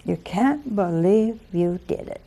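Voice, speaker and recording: Slow, mellow-voiced woman preaching. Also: mid-range voice, lively intonation, gravelly. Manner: pleading, coaxing, with rhetorical asides to the audience. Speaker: preacher and call-in show host. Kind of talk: conversational sermon.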